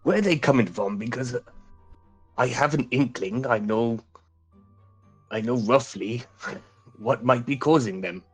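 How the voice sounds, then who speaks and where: A man plays a boozy, carefree adventurer who talks with a husky, slightly rough voice. He hesitates and restarts his sentences. Faint music plays in the background. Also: medium pitch, measured pace, long pauses. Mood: casual.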